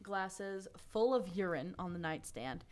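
A woman co-hosting a casual podcast, telling stories in an animated, giggly way. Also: mid-range voice, a little slow. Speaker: podcast co-host. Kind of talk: casual chat.

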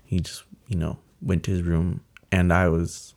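A young man telling a personal story in casual talk, earnest and halting, with many fillers. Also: low-pitched, level tone, creaky, darkish tone. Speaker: guest telling his story.

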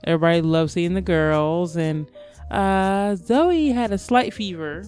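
A woman's voice: on the low side, unhurried, a little mellow, faint music behind. A woman co-hosting a casual family podcast, talking in a playful, teasing way. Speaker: podcast co-host. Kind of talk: casual chat.

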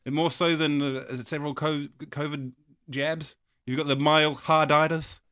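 A man's voice: on the high side, little pitch movement, measured pace, sharp tone, clear, resonant tone, no echo, studio quality. A young man co-hosting a podcast in casual chat, teasing his friend with jokes and questions. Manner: teasing, joking interviewer. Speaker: podcast co-host.

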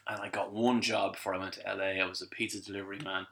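A middle-aged Irish man tells his story in a lively podcast chat, animated and quick, throwing himself into the voices of the people he quotes. His voice sits low with a gravelly fry. It has a bright, forceful edge. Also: a little hiss or hum. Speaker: guest, voice actor and musician.

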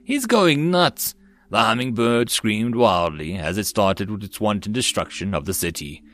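A man narrating a web-novel audiobook in a steady storytelling manner. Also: on the low side, normal speed. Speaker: audiobook reader.

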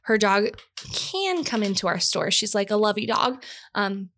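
A woman co-hosting a casual bookstore podcast, playful and quick to laugh. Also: medium pitch, expressive, fairly bright tone, a little hiss or hum. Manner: bubbly, giggly, playful. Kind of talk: casual chat.

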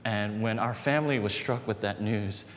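A man in his thirties preaching a sermon, telling personal stories with lively rises and quiet drops. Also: normal speed. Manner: storytelling, animated with dips to quiet. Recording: reverberant hall with faint rumble.

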